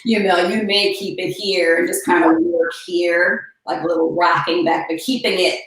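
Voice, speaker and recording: A woman teaching a one-on-one yoga session, cueing poses and breathing with calm, unhurried instruction and soft breathy asides. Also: lowish voice, recorded from a distance. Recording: echoey room, voice a bit off-mic.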